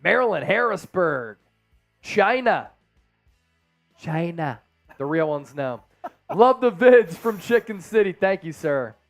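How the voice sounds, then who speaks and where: A man hosting a live stream, calling the game play by play with energetic fan banter and shout-outs. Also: high-pitched, unhurried, no echo, faint music behind.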